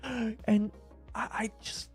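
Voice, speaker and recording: A woman's voice: on the high side, little pitch movement, slow, breathy edge, dry recording, faint music behind. Brash, foul-mouthed American woman streamer. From United States. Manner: crude, brash, mocking, swears often. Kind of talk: livestream reaction commentary.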